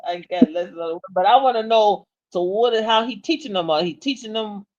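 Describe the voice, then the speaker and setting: A woman co-hosting a casual chat show, animated and laughing, often repeating herself and restarting her sentences. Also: medium pitch, fast talker. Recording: dull lo-fi sound.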